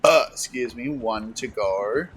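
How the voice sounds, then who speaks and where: A man's voice: mid-range voice, takes it slowly, a bit bright, slight background noise. A man streaming a game from his room, talking to the screen in a sassy, teasing way. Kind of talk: casual gameplay commentary.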